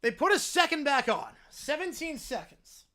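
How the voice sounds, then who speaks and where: A young man streaming live play-by-play and reaction, yelling at the game on screen and chatting with viewers in between. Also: extremely high pitch, moderate pace. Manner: excitable, yells at the screen, then chats with viewers.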